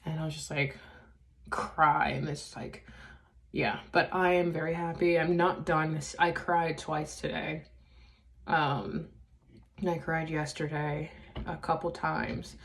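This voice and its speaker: A woman talking in a casual confessional vlog, halting, with many fillers and restarts. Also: sits low, level tone, vocal fry. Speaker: vlogger.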